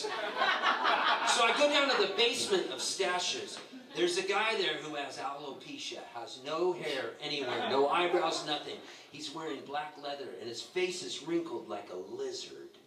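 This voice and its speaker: An animated roast speaker in his sixties tells stories in a bar before a loud live crowd, laughing and imitating what others said as part of his tribute. His voice is fairly high at a normal speed, captured by a distant mic in an echoey, noisy room.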